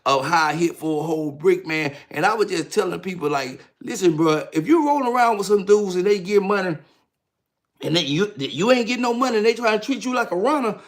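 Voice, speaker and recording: A man's voice: high-pitched, expressive, fairly quick. Hyped Southern man in his fifties. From Georgia, US. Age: 50s. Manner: hyped, slangy, repeats "know what I'm saying". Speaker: livestream host, author. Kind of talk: casual livestream storytelling.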